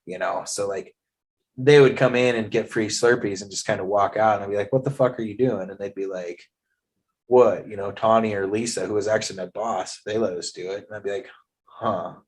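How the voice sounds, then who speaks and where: A man's voice: on the low side, fairly even intonation, fairly quick. A man in his thirties from Eastern Oregon, hosting a casual interview and telling stories bluntly with lots of swearing. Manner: blunt, heavy swearing, storytelling. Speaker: podcast host.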